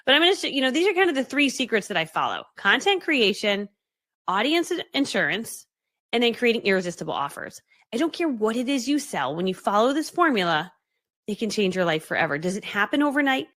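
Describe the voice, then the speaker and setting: A woman coaching her audience in a rapid, lively stream, her fairly high voice swinging widely up and down. She acts out the voices in her story as she goes, and the sound is close and dry with no room around it. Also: no room sound. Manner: fast-talking, animated, acts out quoted voices; laughs often mid-story. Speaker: business coach. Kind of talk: live storytelling talk to an online audience.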